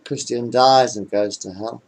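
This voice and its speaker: Man, mid-pitch, deadpan and rambling, recorded on a webcam mic. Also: unhurried, low-quality recording. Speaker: vlogger telling jokes. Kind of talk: casual joke-telling to webcam. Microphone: webcam microphone.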